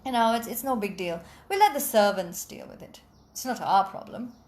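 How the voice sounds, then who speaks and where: An unbothered king, voiced by a woman telling a story waves away concerns in a breezy, offhand tone. The voice stays lively and animated. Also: medium pitch, moderate pace, echoey room, voice pushed down, lightly acted. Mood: dismissive. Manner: dismissive, offhand. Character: lazy dismissive male king.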